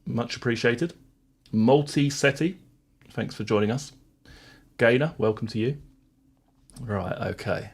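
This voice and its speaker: A man's voice: medium pitch, unhurried, vocal fry, pauses often, breathy edge. Man reading court transcripts aloud. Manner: sarcastic, exasperated with critics. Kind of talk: casual live-stream chat and transcript reading.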